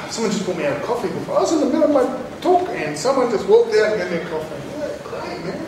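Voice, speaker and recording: New Zealand man with a high voice, guest speaker at a school, animated storyteller, heard from far off in a very echoey, noisy hall. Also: fast talker. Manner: lively, joking, acts out scenes. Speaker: guest speaker, children's author. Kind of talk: storytelling talk to students.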